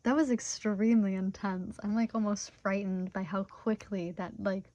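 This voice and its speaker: Tarot reader in her twenties, mellow tone, chatty and filler-heavy, dull lo-fi recording. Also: medium pitch, fairly even intonation, moderate pace, no echo. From Michigan, USA. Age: 20s. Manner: emotionally open, talks through her feelings. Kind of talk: casual pick-a-card tarot reading.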